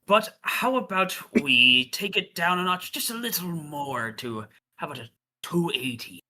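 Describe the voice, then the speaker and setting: Very bright-voiced man playing a tabletop game. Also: on the high side, lively intonation, a little slow, a little hiss or hum. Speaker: player.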